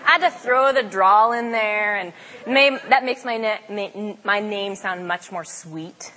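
A woman's voice: mid-range voice, moderate pace, pushed and bright. A young woman on a campus ministry staff giving a casual, chatty sermon talk with frequent fillers. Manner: chatty, self-deprecating, with fillers. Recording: long hall reverb.

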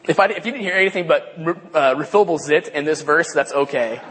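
A man giving a casual Bible lesson, halting and repeating himself with many fillers. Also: a little high, fairly bright tone, husky. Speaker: Bible study teacher. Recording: long hall reverb.

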